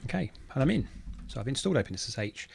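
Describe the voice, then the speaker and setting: A man's voice: medium pitch, rapid-fire, gravelly, slight background noise. A man casually talking through a technical walkthrough on his computer, thinking aloud as he works. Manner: relaxed, thinking aloud while typing. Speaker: automation engineer teaching a tech tutorial. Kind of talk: casual screen-recorded walkthrough.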